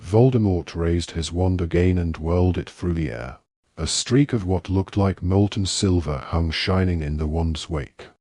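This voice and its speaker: A man narrating a fantasy audiobook in a measured, dramatic storytelling manner. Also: low voice, warm tone, husky, no room sound, clean studio sound. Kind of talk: scripted narration.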